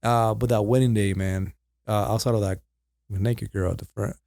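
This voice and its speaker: Low-voiced easygoing man on a podcast. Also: fairly even intonation, moderate pace, vocal fry, dark tone, no echo, clean studio sound. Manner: easygoing, agreeable with frequent yeahs. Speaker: podcast co-host. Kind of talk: casual chat.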